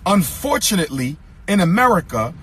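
A man giving an impassioned speech, repeating lines in an emphatic rhythm and sometimes singing or shouting phrases. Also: sits high, sing-song, fairly quick, slight background noise. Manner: occasionally sings or shouts phrases. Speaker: speaker addressing an audience.

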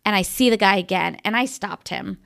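A woman in her thirties tells a story in casual, animated chat with a strongly gravelly, fry-laden voice. She swears freely, and the sound is dry and close. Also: medium pitch, brisk, dry recording. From Georgia, USA. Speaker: guest.

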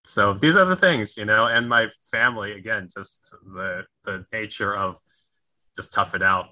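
A man with a sharp, forceful voice and a low-set pitch tells stories as a podcast guest, acting out the people he quotes and laughing at himself. He grew up in Wisconsin and Tennessee. His audio is dull and lo-fi, like a remote line. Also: normal speed, dry recording. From United States (Wisconsin, then Tennessee). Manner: animated storyteller who acts out quoted voices and laughs at himself. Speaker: guest, conflict resolution coach. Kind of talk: podcast interview storytelling.

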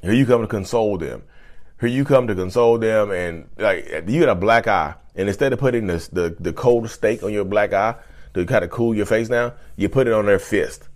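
A man's voice: on the low side, normal speed. A man vlogger giving blunt relationship advice straight to camera, emphatic and repeating his points. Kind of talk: casual advice talk to camera.

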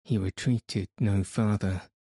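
A man reading a classic novel aloud in measured, even scripted narration. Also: lowish voice, slightly rough, no room sound, studio quality. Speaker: audiobook narrator.

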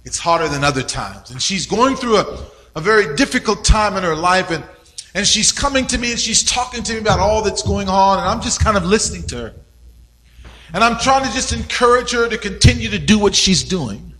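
A high, bright male voice belongs to a pastor preaching in church. He tells his story with a varied delivery, dotted with "uh"s and repeated "and"s. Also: animated, brisk, in a large hall, rough recording. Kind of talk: sermon.

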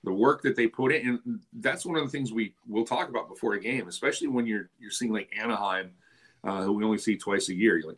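A play-by-play announcer appears as a podcast guest over a video call, swapping casual stories, laughing often and restarting his phrases. His voice sits on the low side and is a bit bright and husky, and he talks fast.

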